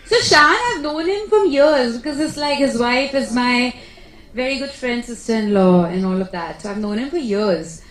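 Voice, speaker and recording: A woman, an actress answering press questions in an animated, chatty way. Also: on the high side, normal speed, soft background music. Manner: chatty, animated storytelling with laughs. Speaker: actress at a film press meet. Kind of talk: casual press conference answers. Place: press conference room. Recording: echoey room, faint background noise.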